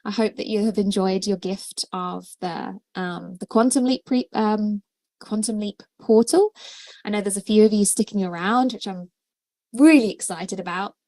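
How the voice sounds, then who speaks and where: A woman's voice: mid-range voice, steady tone, normal speed, mellow, no room sound. A woman hosting a livestream as a coach, talking casually with many fillers and restarts. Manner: chatty, many fillers and restarts, laughs often.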